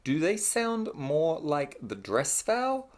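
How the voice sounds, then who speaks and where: Lively scripted lesson narrator. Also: medium pitch, slow.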